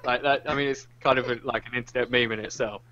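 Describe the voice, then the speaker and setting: A man's voice: medium pitch, fast. A man from Britain with a British accent, cracking sarcastic, crude jokes on a podcast. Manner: sarcastic, crude, lively joking. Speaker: podcast co-host. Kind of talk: casual podcast banter. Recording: muffled lo-fi podcast audio.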